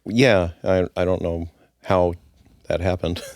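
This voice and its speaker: A man, a former brewery owner, talking casually as a guest in an interview, relaxed and halting with restarts. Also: sits low, dry recording, clean studio sound. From United States.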